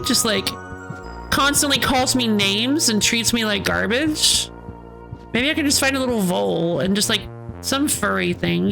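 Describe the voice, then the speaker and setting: A woman's voice: a little high, creaky. A woman streaming a game, chatting in a rambling, playful way. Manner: rambling, playful, laughs often. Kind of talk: casual let's-play commentary.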